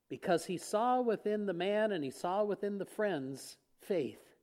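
High-voiced male preacher telling a story. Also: normal speed. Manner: expressive storytelling, acting out quoted lines. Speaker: pastor. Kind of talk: sermon.

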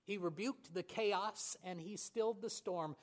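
A man preaching a sermon in an earnest way, often slowing and dropping to a near whisper on key words. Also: high voice. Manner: earnest, with fillers and restarts, voice swings between hushed and raised. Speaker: pastor.

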